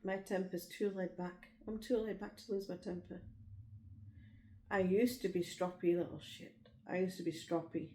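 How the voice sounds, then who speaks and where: A woman's voice: fairly low pitch, fairly even intonation, moderate pace, warm tone, slight background noise. A woman from Liverpool with a Liverpool accent, telling frank, rambling stories about her life in casual chat. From Liverpool, England. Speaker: vlogger. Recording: roomy echo.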